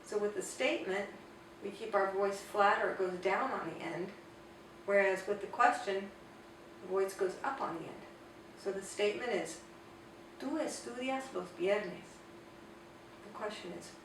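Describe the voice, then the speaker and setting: A woman explaining grammar in an online language lesson, slowing down carefully to model example sentences. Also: mid-range voice. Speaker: Spanish teacher. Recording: echoey room, distant mic, faint noise.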